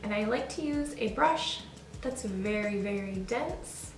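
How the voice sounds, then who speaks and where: A woman's voice: mid-range voice, animated, measured pace. A woman chatting casually through a makeup tutorial, friendly and self-deprecating. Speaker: beauty vlogger. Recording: roomy, distant mic, faint music.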